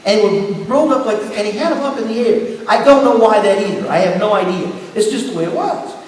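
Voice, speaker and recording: High-voiced man preaching in an echoey hall. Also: fast talker. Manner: storytelling, shifting from quiet to emphatic. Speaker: pastor. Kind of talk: sermon with personal testimony. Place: church sanctuary. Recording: echoey hall from far off, faint hiss.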